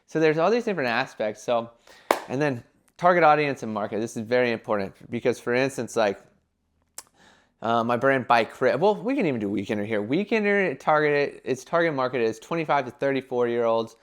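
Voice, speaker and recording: A young man giving casual business advice in a vlog, talking animatedly and filling his talk with "like" and quick acted-out quotes. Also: medium pitch, expressive. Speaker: entrepreneur giving brand advice.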